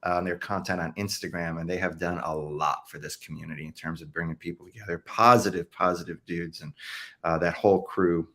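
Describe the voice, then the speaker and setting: A man's voice: low-pitched, fairly even intonation, brisk, pushed and bright. A man speaking as a guest on a casual podcast, friendly and full of praise.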